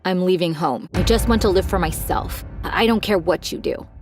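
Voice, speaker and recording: A woman voicing a selfish father walking out on his family, flat and cold. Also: lowish voice, normal speed, faint music behind, pitched below the performer's own voice, close to an everyday voice.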